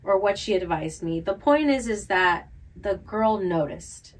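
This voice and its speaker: A woman co-hosting a podcast, telling a personal story in a casual, animated way with lots of fillers. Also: mid-range voice, measured pace, far from the mic, low-quality recording. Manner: animated storyteller, filler-heavy, laughs often. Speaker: podcast co-host.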